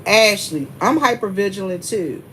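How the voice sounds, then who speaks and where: A woman hosting a casual livestream chats directly with her viewers and greets them by name as they arrive. Her voice is medium-pitched and fairly bright with lively intonation at a normal speed, and a little hiss or hum can be heard.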